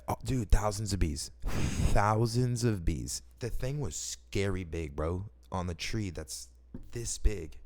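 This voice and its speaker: A man telling personal stories in a casual, rambling way, excitable and slangy, swearing often and restarting his sentences. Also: low voice, creaky.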